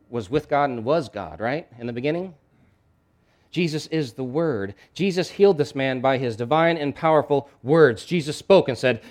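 A male pastor preaches a sermon in a middle-pitched voice. He keeps it conversational and emphatic, breaking off with asides and frequent restarts as he builds his points. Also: a little mellow.

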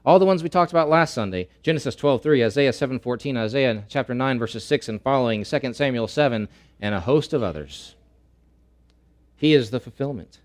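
A male pastor preaching a sermon, repeating key phrases and swinging between loud emphatic lines and slow, hushed ones. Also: medium pitch, lively intonation.

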